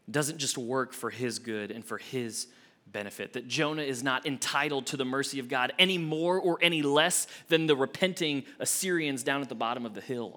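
A young adult man, an associate minister, preaching a sermon with expressive swings from emphatic to hushed. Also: mid-range voice.

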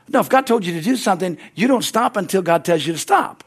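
A man's voice: high voice, lively intonation, fast talker, breathy edge. A male pastor preaching a sermon with lots of energy, often calling out "Amen?" and restarting his sentences. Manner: restarts and repeated words.

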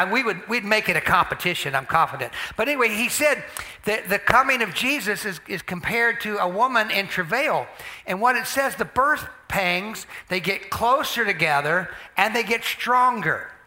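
High, bright-voiced joking preacher man. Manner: lively, joking, conversational preaching. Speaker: pastor. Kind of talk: sermon. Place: church sanctuary.

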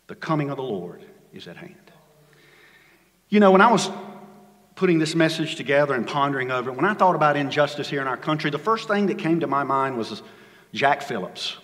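A man's voice: expressive, brisk. Man preaching in a reverberant hall. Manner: dynamic preaching, swings from loud emphasis to hushed low lines. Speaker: pastor. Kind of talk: sermon. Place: church sanctuary.

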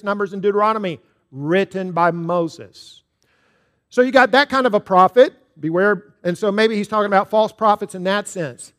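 Casting note: male pastor, higher-pitched voice, preaching a Sunday sermon with a light comic touch. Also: fairly bright tone. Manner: preaching with humor and a told joke.

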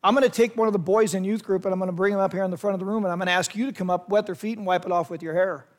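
A man's voice: high-pitched, fairly even intonation, very fast. A youth pastor, a man retelling a scripture story vividly and speaking straight to young listeners. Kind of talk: storytelling sermon to a youth group.

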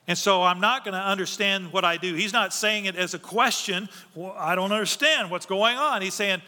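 Pastor type, man, high and very bright voice, earnest conversational preaching, hall reverb. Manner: conversational, earnest, with filler restarts. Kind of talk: sermon.

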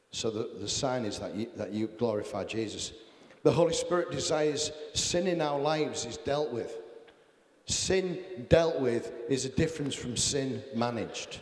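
A man's voice: medium pitch, echoey room, in a large hall. A man preaching a sermon, earnest and self-deprecating, reading Bible passages aloud. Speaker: pastor.

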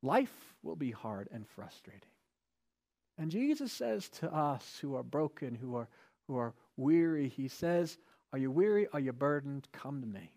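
A man's voice: mid-range voice, big pitch swings, a little slow, a little mellow. A male pastor giving a sermon in a conversational way, with rhetorical questions and emphatic repetition.

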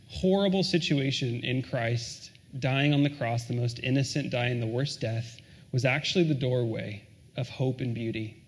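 A man preaching a sermon, earnest and questioning, often dropping to a soft hush on key lines. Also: medium pitch. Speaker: pastor.

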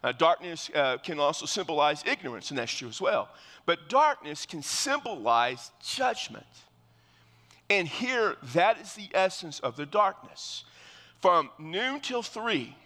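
The sermon, given verse by verse by a male pastor, carries a big-room sound. His slightly high voice has a bright, forceful tone, and he explains earnestly while often restarting phrases.

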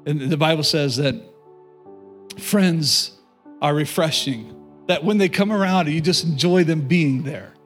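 A middle-aged male pastor preaching, with a slightly higher-than-usual voice for a man. He tells his story in an animated way and asks the congregation questions directly. Faint music plays underneath. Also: a little slow. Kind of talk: sermon with personal story.

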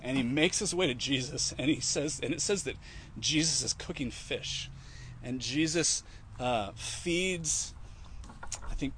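A man's voice: medium pitch, fairly bright tone. Man in a mid-range voice, chatty teacher who acts out the quotes as he retells, faint hiss behind. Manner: conversational, frequent fillers and restarts. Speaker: Christian teacher. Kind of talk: informal teaching talk.

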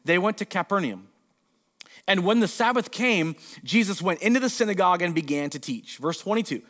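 Male pastor, high-pitched voice, sermon, scripture reading, casual joking asides. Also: fairly bright tone. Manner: reads scripture, then explains it with casual asides and put-on voices.

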